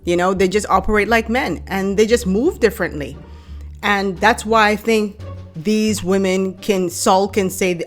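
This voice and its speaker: A woman's voice: mid-range voice, moderate pace, faint music behind. A woman in her thirties from the Bahamas with a Bahamian accent, giving blunt opinions in a casual vlog and speaking straight to her viewers. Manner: blunt, animated storyteller who addresses viewers directly. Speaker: vlogger.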